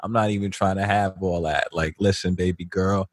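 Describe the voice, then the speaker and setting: A young man co-hosting a podcast, talking in a blunt, animated way full of street slang. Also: low voice, normal speed, no echo, studio quality. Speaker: podcast co-host. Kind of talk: casual podcast banter.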